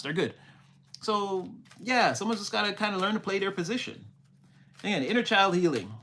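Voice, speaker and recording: A man's voice: sits high, sharp tone, a little hiss or hum. A young man, rambling casually on a livestream as a spiritual reader, repeating himself and exclaiming often. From Canada. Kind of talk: casual livestream reading and chat.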